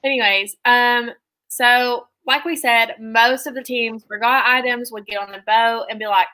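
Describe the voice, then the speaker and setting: A woman's voice: fairly high pitch, steady tone, moderate pace, sharp tone. A young woman co-hosting a reality TV recap, chatting casually and gushing with lots of "like" fillers.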